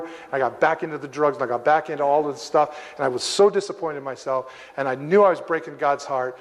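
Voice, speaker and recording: An older man preaching a sermon, telling stories in an animated, humorous and emphatic way. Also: on the high side. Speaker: pastor. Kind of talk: storytelling sermon. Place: church sanctuary. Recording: long reverb of a church hall.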